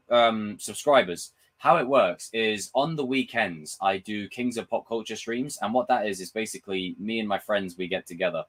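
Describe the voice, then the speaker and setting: A young man chatting casually on his live stream, reading viewer comments, swearing freely and acting out film scenes with loud impressions. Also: on the low side. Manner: animated, swearing, reads and answers chat comments. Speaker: livestream host.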